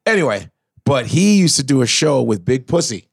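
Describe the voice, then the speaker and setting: A man chatting on a podcast as a comedian guest, an animated storyteller who slips into voices. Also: medium pitch, normal speed, gravelly, breathy edge, no echo, studio quality. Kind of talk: casual podcast chat.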